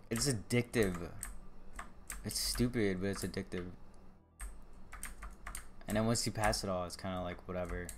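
A young man chatting casually while he plays a game on stream, rambling and excitable, teasing the people he talks to. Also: low-pitched, a little hiss or hum. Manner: rambling, excitable, quick to tease. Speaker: gaming streamer. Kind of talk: casual chat while gaming. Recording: stream with music playing under the voice. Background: game music and keyboard typing.

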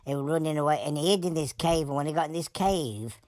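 A woman voicing an animal who tells a rambling story in broad Yorkshire dialect, deadpan and plain-spoken. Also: low-pitched, fast talker, dry recording, studio quality, close to an everyday voice. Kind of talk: comic animal voice-over.

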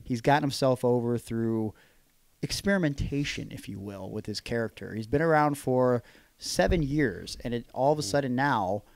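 A man's voice: mid-range voice, moderate pace, creaky, a little mellow, no echo. A man hosting a podcast in casual chat, teasing his co-host with mock outrage.

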